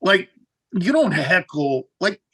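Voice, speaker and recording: Male comic guest, raspy-edged voice, lively and profane storyteller. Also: slow pace, low-quality recording. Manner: animated, profane, jumps high in pitch for punchlines. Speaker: guest comedian. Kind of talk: storytelling in a casual interview.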